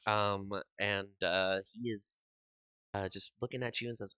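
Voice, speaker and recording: A man narrating as game master of a tabletop game, halting and filling pauses with uhs. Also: on the low side, steady tone, bright, forceful tone, clean tone, no room sound. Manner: halting, full of uhs and restarts.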